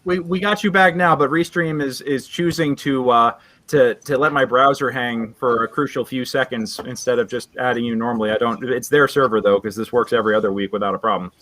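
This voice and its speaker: Male game master, loose and chatty, mid-pitched voice, on a desk mic. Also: steady tone, a little fast, fairly bright tone. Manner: rambling, with many restarts and laughs. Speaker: dungeon master. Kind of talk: running a live tabletop game online.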